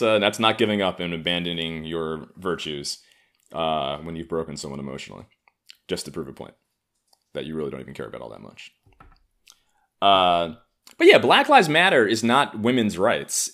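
A man's voice: deep voice, fairly bright tone. A young American man talking off the cuff in a provocative, sarcastic, rambling comedic monologue. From United States. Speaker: solo vlogger.

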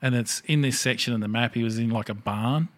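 Swearing, animated storytelling man. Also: medium pitch, a little fast. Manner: animated storyteller who acts out other people's lines, swears freely. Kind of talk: casual chat.

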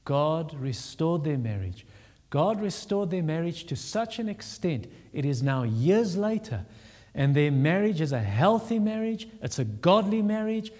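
A pastor preaches a sermon in an earnest, emphatic way, driving points home by repeating words. His voice is on the higher side for a man, sing-song and a little mellow, at a measured pace. The long reverb of a large church hall rings around him.

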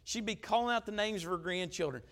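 A man, a pastor preaching a storytelling sermon in an emphatic, conversational way, swinging between loud and quiet. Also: high-pitched, quick pace, creaky.

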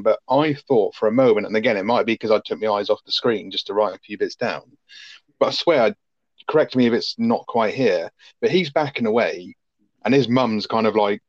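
A quick, sweary man chatting about a film, his voice sitting fairly low. The sound is dry and a little dull, like a home podcast setup. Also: dry recording. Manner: sweary, animated, quick-talking. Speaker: podcast co-host. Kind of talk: casual film review chat.

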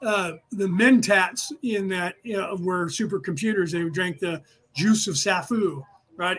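A middle-aged man from the San Francisco Bay Area who talks in a rapid, rambling rush as he hosts a casual spiritual lecture for his podcast. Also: high voice, fairly bright tone, breathy edge. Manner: rapid, rambling, restless delivery. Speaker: podcast host teaching a class.

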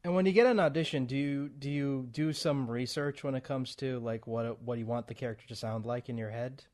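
A man's voice: medium pitch, brisk, darkish tone. A man interviewing a guest in a casual chat, asking questions with a fan's enthusiasm.

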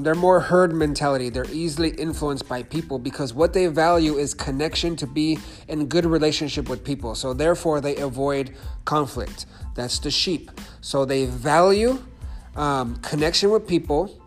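Higher-voiced man teaching, checking in "okay?". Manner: repetitive, checks in with "okay?" and "right?". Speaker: sales and persuasion teacher. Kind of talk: instructional talk.

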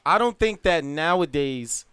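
A man with a mid-pitched, smooth, resonant voice, chatting casually among friends. He rambles through retellings and acts out the dialogue, recorded dry and close. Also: animated, a little slow, a bit bright, no room sound. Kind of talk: casual group chat.

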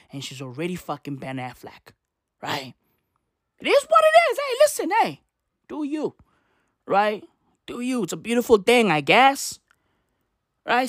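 Slow, animated, profane woman. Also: a little high, no echo, clean studio sound. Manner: profane, slangy, fires rhetorical questions. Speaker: commentator. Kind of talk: ranting news commentary.

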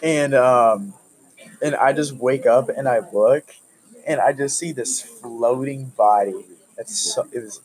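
A young man co-hosting a casual chat, laid-back and quick to chime in. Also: medium pitch, poor audio. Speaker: co-host.

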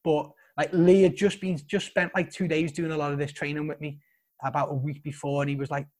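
Sweary Scouse man, higher voice. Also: level tone, brisk, darkish tone. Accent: Liverpool. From Liverpool, England. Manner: blunt and sweary, emphatic praise. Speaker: guest, soldier. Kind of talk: casual podcast storytelling.

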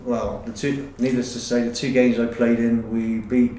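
A middle-aged man and former footballer, recalling his career in a halting, rambling way with many fillers. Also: medium pitch, little pitch movement, warm tone, a little hiss or hum. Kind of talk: casual interview chat. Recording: roomy, distant recording.

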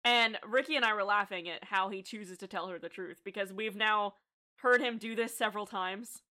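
A woman co-hosts a casual podcast, retelling a TV episode scene by scene. She laughs often and gets animated, with a bright, forceful tone. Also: mid-range voice, normal speed. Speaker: podcast co-host. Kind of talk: casual chat, recapping a TV episode.

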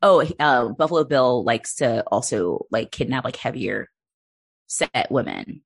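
A woman's voice: extremely low pitch, expressive, a little slow, vocal fry, dry recording, clean studio sound. A woman co-hosting a podcast in casual chat, chatty and gossipy, often laughing.

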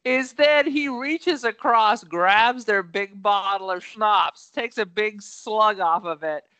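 A woman's voice: medium pitch, slow, fairly bright tone, no room sound. A woman co-hosting a podcast in casual chat, trading dry, teasing quips. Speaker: podcast co-host.

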